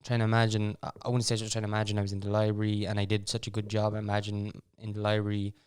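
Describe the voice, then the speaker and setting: A man's voice: lowish voice, monotone, rapid-fire, clear, resonant tone. A young Irish man hosting a podcast, telling stories in a rambling, casual way with wry asides and frequent restarts. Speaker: podcast host. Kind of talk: casual storytelling chat.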